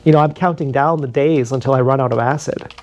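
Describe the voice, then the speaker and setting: A man's voice: medium pitch, quick pace, darkish tone, dull audio. A man rambling through a casual story on a live stream, loose and profane, full of fillers and restarts. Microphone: streaming camera mic.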